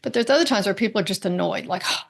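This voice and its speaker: Casting note: woman, mid-pitch, podcast guest, chatty and animated, acts out quotes, keeps checking in with "right?". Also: rapid-fire, vocal fry. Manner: frequent "right?" tag questions. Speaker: guest, medical intuitive. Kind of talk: conversational interview.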